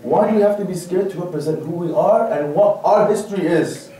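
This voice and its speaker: A man preaches from a distance in a big echoing mosque hall, with a high, mellow voice. He hammers his listeners with rhetorical questions. The reverb hangs on every phrase. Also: fairly quick. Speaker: speaker at a religious gathering. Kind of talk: Muharram majlis sermon. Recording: echoey hall, from far off.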